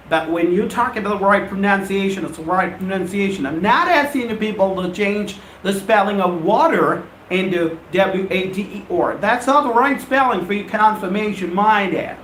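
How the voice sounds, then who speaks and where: A man teaching an English lesson on a live stream, emphatic and repeating phrases in slow deliberate drills. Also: high-pitched, a bit bright, a little hiss or hum. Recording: echoey room with faint ambience.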